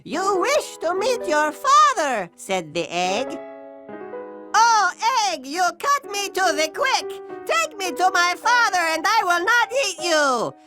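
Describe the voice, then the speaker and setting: A woman's voice: high voice, heavily acted. A woman voicing a pompous, rambling male storytelling mule in a children's cartoon, theatrical and forever getting names wrong, with children's music behind.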